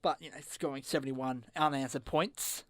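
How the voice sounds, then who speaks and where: A man co-hosting a casual sports chat show, with a quick, dry sense of humor. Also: mid-range voice, steady tone, no echo. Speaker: co-host.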